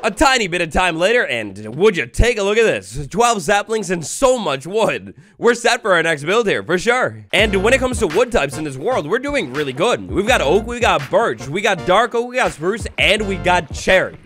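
A man's voice: sits high, normal speed, hardly any pauses, faint music behind. A young man narrating a survival game playthrough, playful and chatty, talking to the creatures he meets. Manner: animated, playful, talks to mobs, bursts into excited yelps. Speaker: gaming YouTuber. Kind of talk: Minecraft let's play commentary.

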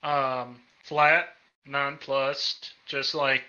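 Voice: medium pitch, takes it slowly, pushed and bright. A player in a tabletop game, talking casually and offhand with many fillers. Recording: muffled lo-fi recording from off mic.

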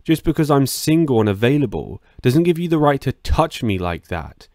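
A man's voice: mid-range voice, big pitch swings, normal speed, no room sound, clean studio sound, pitched above the performer's own voice. A man voicing a furious young woman. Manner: shouting, defiant. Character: angry young woman fighting off an attacker.

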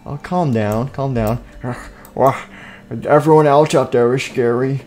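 A man's voice: mid-range voice, unhurried, a little mellow, soft background music. A young man hosting an improvised game role-play, talking casually with lots of fillers and playful humming. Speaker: gaming channel host.

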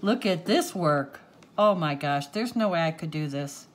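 Deep-voiced and unhurried, this older crafts channel host unwraps presents on camera with lively intonation. It's a casual unboxing vlog, and she's quick to be moved, gushing and exclaiming over each gift.

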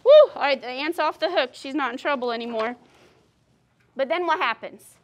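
A high-voiced woman teacher reads a storybook aloud to a class of children. She keeps it lively, stopping to quiz the kids and comment on the story. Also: normal speed. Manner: lively, asks the class questions. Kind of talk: reading a picture book aloud to children.

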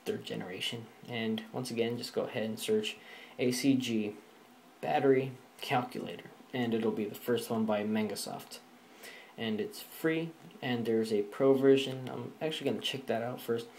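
A man's voice: mid-range voice, steady tone, normal speed, creaky, a little mellow, slight background noise. A man vlogging a casual walkthrough of a phone app, talking offhand and rambling, with fillers and the odd swear word. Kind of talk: casual screen-recording walkthrough.

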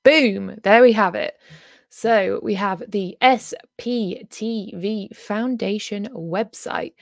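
A woman's voice: medium pitch, slow, creaky, dry recording, studio quality. A woman hosting a casual livestream, chatty and full of fillers as she talks to her viewers. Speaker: livestream host.

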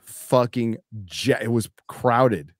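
A man's voice: medium pitch, steady tone, takes it slowly, no room sound, studio quality. A man hosting a live stream, chatting casually and reading donations in a crude, joking, rambling way. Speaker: show host reading donations.

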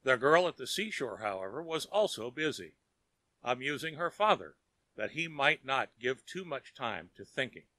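A man narrating an audiobook of a short story with expressive storytelling. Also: mid-range voice, normal speed, no echo.

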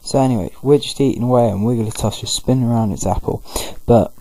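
A man's voice: mid-range voice, quick pace, dark tone, no room sound, poor audio. Rambling male let's-play narrator. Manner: rambling, loose, full of fillers. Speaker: gaming video host. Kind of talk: casual let's-play commentary.

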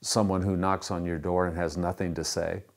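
Low-voiced man preaching conversationally. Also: little pitch movement, normal speed. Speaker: pastor. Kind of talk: sermon.

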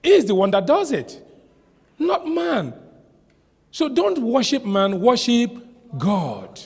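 A man preaching a sermon as a pastor, shouting some lines and slowing hard on others. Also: very high-pitched, huge pitch swings, creaky, crowd noise, noisy background. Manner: preaching with sudden shouts and dramatic slow stretches. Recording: long hall reverb.

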